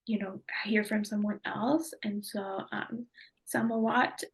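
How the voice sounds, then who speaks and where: A woman presenter speaks at a leisurely pace, her measured, affirming tone edged with a gravelly rasp. She drops now and then into soft half-whispered asides as she guides the group. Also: mid-range voice, fairly even intonation. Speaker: webinar presenter. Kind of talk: guiding a group discussion.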